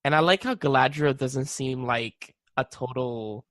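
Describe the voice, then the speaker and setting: A man's voice: mid-range voice, a little slow, fairly bright tone, no echo. A man co-hosting a podcast in casual chat, laid-back, asking questions and laughing often. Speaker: podcast co-host.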